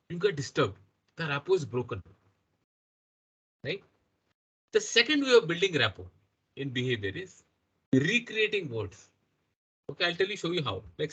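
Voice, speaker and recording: Indian English trainer, man, middle-aged, fairly high and slightly rough voice, keeps asking "okay?". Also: bright, forceful tone, low-quality recording. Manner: talks to the audience with frequent "right?" and "okay?" checks. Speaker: workshop trainer. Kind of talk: interactive workshop lecture.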